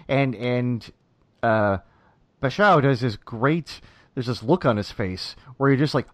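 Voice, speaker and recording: A man's voice: medium pitch, no echo. Man chatting on a podcast, dry sound. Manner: agreeable, frequent affirmations, halting. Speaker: podcast co-host. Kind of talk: casual chat.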